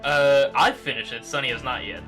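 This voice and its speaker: A man's voice: mid-range voice, brisk, music in the background. A man chatting casually with a friend during a game, easygoing and laughing often. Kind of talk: casual chat over voice chat.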